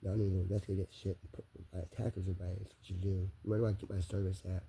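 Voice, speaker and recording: A man's voice: low-pitched, little pitch movement, fast talker, mellow, slight background noise. A man talking straight to the camera in a rambling personal monologue, circling back on the same phrases again and again.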